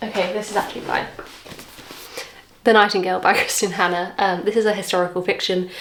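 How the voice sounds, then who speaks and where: A woman's voice: mid-range voice, a little hiss or hum. Chatty English woman in an echoey room. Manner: chatty and excitable, quick asides. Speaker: book vlogger. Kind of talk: casual chat to camera.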